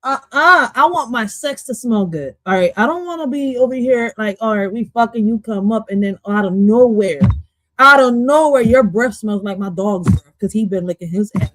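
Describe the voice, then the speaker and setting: A woman's voice: on the high side, moderate pace, no room sound. Brash, profane woman livestream host. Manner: loud, profane, animated, jumps between topics; drops in Spanish exclamations. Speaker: livestream host reacting to clips. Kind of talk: casual livestream commentary.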